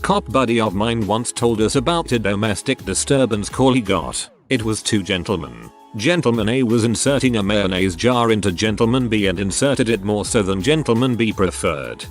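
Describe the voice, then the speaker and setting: A man reads online posts aloud in a casual, dry manner, dropping wry little comments between them. His voice sits on the low side yet moves up and down a lot. Soft background music plays under the narration. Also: expressive, normal speed. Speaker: narrator reading Reddit posts.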